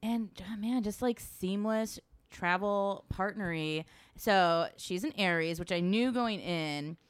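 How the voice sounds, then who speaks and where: A woman's voice: mid-range voice, slow, clear, resonant tone. A woman telling a travel story in casual chat, swearing freely and acting out what people said. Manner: animated storyteller, swears freely, acts out quotes.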